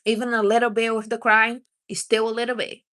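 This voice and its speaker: Bright-voiced woman giving blunt advice. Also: a little high, level tone, a little fast. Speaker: livestream host. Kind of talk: casual livestream chat.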